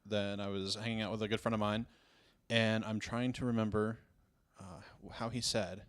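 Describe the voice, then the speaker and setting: A man's voice: lowish voice, level tone, normal speed, smooth. Rambling man from the South. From American South. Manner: rambling, self-mocking, many restarts. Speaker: podcast guest. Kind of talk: casual chat.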